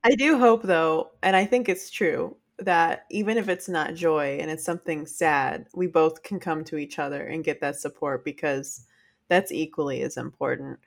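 A woman co-hosting a podcast in casual chat, chatty and laughing often, animated when she retells stories. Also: low-pitched, moderate pace, gravelly. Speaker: podcast co-host.

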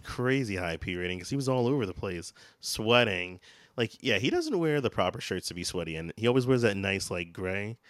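Guy podcast cohost, kinda low voice, umms and trails off, dry close sound. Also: expressive, brisk, a bit bright, dry recording. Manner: hesitant, trails off, fillers and restarts. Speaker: podcast co-host. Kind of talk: casual TV episode recap chat.

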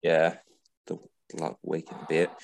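Man, Australian accent, very low voice, young adult, rambling podcast chat. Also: completely flat delivery, measured pace, gravelly. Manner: laid-back, rambling, many fillers. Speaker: podcast co-host. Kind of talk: casual chat.

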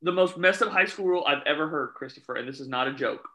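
Casting: man, referee storyteller, very bright voice, a little high, animated, quotes people. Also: quick pace, a little hiss or hum, poor audio. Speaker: youth soccer referee. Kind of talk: casual chat, storytelling.

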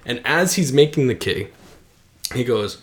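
A man's voice: medium pitch, a little slow. A young man telling a story with lots of laughs on a casual podcast. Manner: animated, laughs often, lots of "like" and "dude". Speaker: podcast co-host.

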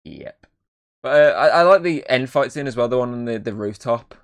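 A man's voice: medium pitch, expressive, moderate pace. Rambling young man reviewing a film. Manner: rambling, lots of fillers and swearing. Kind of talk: casual podcast chat.

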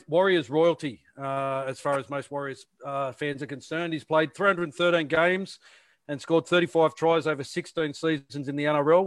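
A man co-hosts a sports podcast in a higher voice, recorded dry and close. He chats casually and fills his pauses with ums and uhs. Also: no echo. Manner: chatty, hesitant with fillers. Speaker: podcast co-host.

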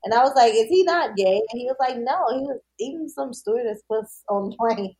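A woman co-hosting a podcast in casual chat, animated, laughing often and swearing freely. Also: a little high, fairly quick. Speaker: podcast co-host.

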